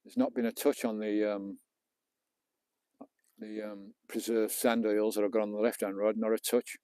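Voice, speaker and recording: Chatty British man with a dark voice. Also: fairly low pitch, flat delivery, moderate pace, smooth, no room sound. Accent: British English. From England. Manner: chatty, banters with viewers, mild swearing. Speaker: vlogger live-streaming. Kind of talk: casual live-stream chat. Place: outdoors on a beach at night.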